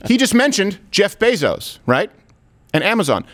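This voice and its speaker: A man hosting a political commentary show, talking in a sarcastic, animated way, with loud high bursts and low asides. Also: normal speed. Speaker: host.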